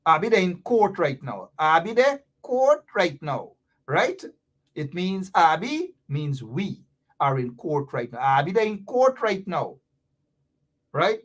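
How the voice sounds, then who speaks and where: A man's voice: high voice, a bit bright. A man from Guyana with a Guyanese Creole accent, hosting a live-stream talk show, reading viewer comments and explaining local slang with lots of repetition.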